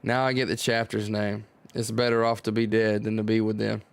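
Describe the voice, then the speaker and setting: A man streaming a live manga reading, reacting out loud with excitement and musing as he reads. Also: fairly low pitch, brisk, vocal fry, clear, resonant tone. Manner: excitable, exclaims and muses aloud.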